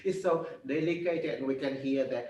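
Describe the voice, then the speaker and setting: A man's voice: fairly high pitch, far from the mic. Man, piano teacher in a master class, hesitant delivery, sings phrases, heard from afar in a roomy hall with piano. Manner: halting, simple phrasing with many fillers, sings phrases.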